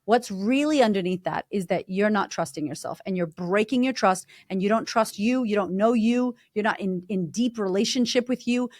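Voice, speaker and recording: A woman's voice: a little high, no echo, studio quality. A woman guest in a casual interview, a confidence coach who talks bluntly and emphatically, swearing freely.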